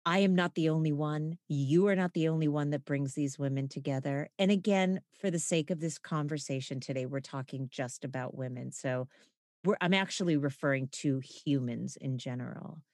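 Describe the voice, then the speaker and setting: A woman hosting a casual talk, excitable and thinking out loud, with frequent restarts as her thoughts run ahead. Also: low voice, normal speed, no echo, studio quality. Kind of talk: casual conversation.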